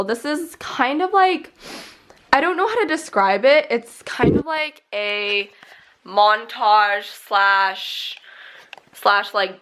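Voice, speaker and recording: A woman's voice: mid-range voice, a bit bright, clear, resonant tone. A young woman vlogger rambling casually through a tour of her bedroom, filling her talk with "like" and "I guess". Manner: chatty, rambling, heavy use of "like". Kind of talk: casual room tour vlog. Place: bedroom, indoors.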